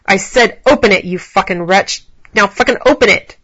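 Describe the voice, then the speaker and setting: A woman voicing a rough, domineering man who barks crude, commanding orders. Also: fairly low pitch, fairly even intonation, normal speed, fairly bright tone, no echo, highs cut off, natural voice.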